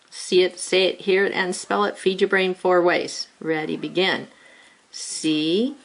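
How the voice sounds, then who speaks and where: Woman teacher, lowish voice, unhurried, patient lesson delivery. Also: creaky, fairly bright tone. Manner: slow, patient, thinking aloud. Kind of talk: recorded spelling lesson.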